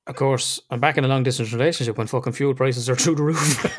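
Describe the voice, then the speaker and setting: A man's voice: mid-range voice, breathy edge. A middle-aged man, hosting a podcast in casual chat, candid and reflective, swearing freely. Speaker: podcast host.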